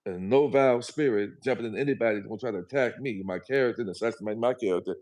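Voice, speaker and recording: In a motivational live chat, a male guest preaches emphatically and keeps repeating himself. His lowish, darkish voice moves very fast with few pauses.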